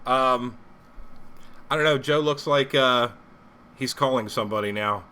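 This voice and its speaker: A man co-hosting a casual live-stream talk show, swearing freely and laughing loudly. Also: mid-range voice, measured pace, clear, resonant tone. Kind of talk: casual profane banter. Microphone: live-stream microphone.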